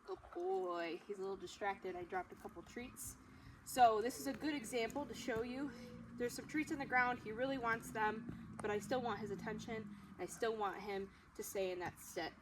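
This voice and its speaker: A woman dog trainer explaining a training demonstration in a friendly way, breaking into high-pitched, excited praise for the dog. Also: moderate pace. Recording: noisy background ambience.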